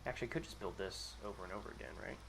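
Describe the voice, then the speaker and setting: Background noise sits behind this man's fairly low, gravelly voice as he races through casual live gameplay commentary. He curses frequently, banters and jokes with his chat, makes fun of himself and mutters through his building.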